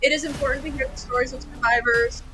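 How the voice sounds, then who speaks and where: A woman on a comedy news panel, chatty and breezy, firing off quick opinions. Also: high-pitched, fairly even intonation, over music. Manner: chatty, breezy, self-described yapping. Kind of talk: rapid-fire hot takes.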